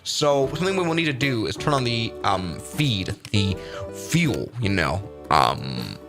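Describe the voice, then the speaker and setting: A man streaming a flight simulator, narrating each step in a casual, rambling and upbeat way. His pitch swings widely as he thinks aloud, and music plays clearly behind him. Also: big pitch swings, unhurried. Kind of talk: casual live-stream gameplay commentary.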